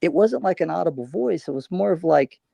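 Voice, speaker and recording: Gravelly man rambling through a story. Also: a little high, lively intonation, a little fast, warm tone, dry recording. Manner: rambling storyteller, many restarts. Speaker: livestream panelist. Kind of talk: casual panel chat.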